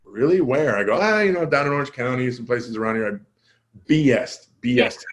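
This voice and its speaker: A male comedian telling a story as a podcast guest, casual and self-deprecating, acting out quoted dialogue with his voice jumping up and down. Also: brisk. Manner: animated, acts out quoted dialogue with jumps in pitch.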